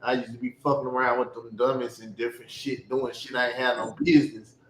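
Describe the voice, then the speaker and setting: Profane, animated man in an echoey room. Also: mid-range voice, quick pace, a little hiss or hum. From Chicago. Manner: profane, animated storytelling with bursts of laughter. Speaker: podcast host. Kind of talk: casual storytelling chat.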